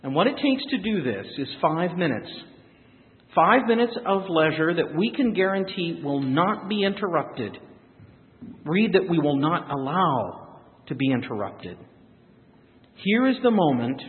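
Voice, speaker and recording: A man preaching a reflective, earnest sermon, his voice rising and falling softly. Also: a little high. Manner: earnest, reflective preaching with lively rises and soft drops. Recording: tinny phone-like sound, long reverb.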